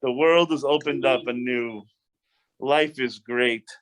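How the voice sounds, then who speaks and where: A man, a rabbi, leading a casual Bible study, talking in an animated, chatty way with many restarts and asides. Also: mid-range voice, slow pace.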